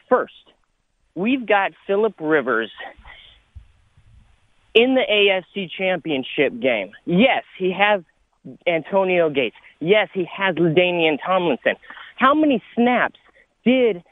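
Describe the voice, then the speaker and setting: Breathless high-voiced man calling in by phone. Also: no room sound. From California. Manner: animated, argumentative, rapid points. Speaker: caller. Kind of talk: sports radio call-in. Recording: tinny phone line.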